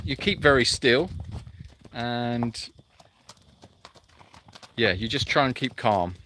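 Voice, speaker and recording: A chatty man with a bright, forceful edge to his voice hosts a casual live chat from an animal sanctuary. He rambles warmly through viewer questions, breaking off with fillers and little restarts as he answers. His pitch sits in the middle range for a man. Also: a little hiss or hum.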